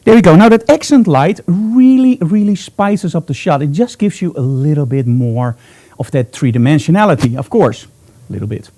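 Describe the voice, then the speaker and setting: A man's voice: fairly high pitch, expressive, moderate pace, mellow. A man teaching photography live in a studio, talking chattily and upbeat as he thinks aloud while he works. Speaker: photography instructor.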